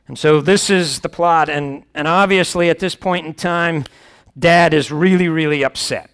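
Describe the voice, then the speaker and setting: A man's voice: on the high side, steady tone, normal speed, fairly bright tone, clean tone. A man preaching, reading scripture aloud and explaining it in a conversational way, with wry asides.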